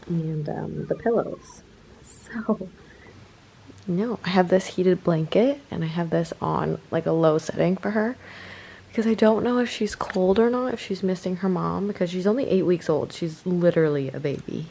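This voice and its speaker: A woman's voice: moderate pace, a little hiss or hum, poor audio. Chatty young woman vlogging at home. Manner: chatty, switches to high baby talk with the kitten. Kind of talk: casual vlog chat. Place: home bedroom, indoors.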